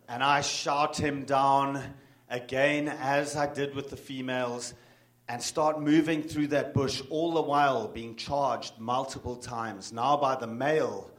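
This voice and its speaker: A man telling a vivid story to an audience. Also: medium pitch. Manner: vivid, dramatic storytelling with bursts of emphasis. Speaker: bird guide and author giving a talk. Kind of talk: live storytelling talk. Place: talk in front of an audience.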